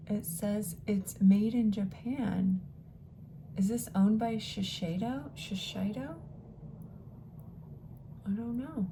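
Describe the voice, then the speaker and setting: A woman's voice: medium pitch, steady tone, slow, noisy background. A woman vlogger chatting casually as she unboxes beauty samples, thinking aloud and now and then dropping into a whisper.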